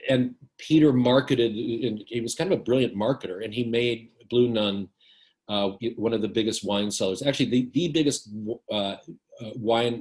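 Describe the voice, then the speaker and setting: A man giving a book talk in a casual, halting way, full of fillers and restarts, telling stories with wry humor. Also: on the low side, a little mellow. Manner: hesitant, many fillers and restarts.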